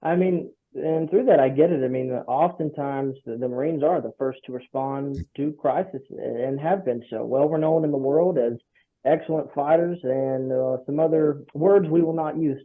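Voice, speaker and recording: A man hosts the interview with short reactions and follow-up questions. His voice sits somewhat high and comes through a narrow, phone-like line. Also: moderate pace. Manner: brief reactions and prompting questions. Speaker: interview host. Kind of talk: conversational interview.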